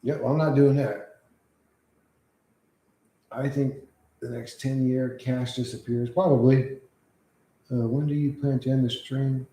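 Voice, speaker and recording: A man's voice: mid-range voice, warm tone. Profane rambling man livestreaming. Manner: profane, rambling, reacts to chat. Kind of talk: casual livestream chat. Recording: echoey room.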